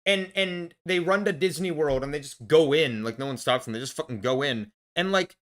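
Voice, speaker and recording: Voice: medium pitch, normal speed. A vlogger ranting in a casual film review, angry and blunt, swearing heavily and restarting when worked up.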